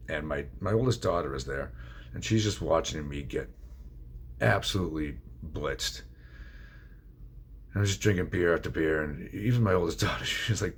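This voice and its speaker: A man's voice: rumbling low, moderate pace, pauses often, slight background noise. A middle-aged man telling his own story of addiction in a blunt, confessional way, swearing freely. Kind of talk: candid personal storytelling.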